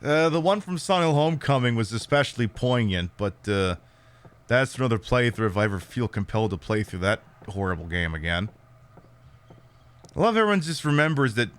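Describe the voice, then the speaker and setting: A man's voice: medium pitch, lively intonation, fairly quick, a bit bright, clear, resonant tone. A man streaming a horror game, giving casual let's-play commentary with sarcastic jokes, rambling asides and casual swearing.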